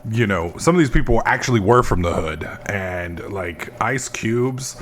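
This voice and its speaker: A man's voice: on the low side, animated, unhurried. A man casually commenting on his gameplay, rambling and swearing as he goes. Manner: rambling, profane, self-mocking. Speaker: gaming video host.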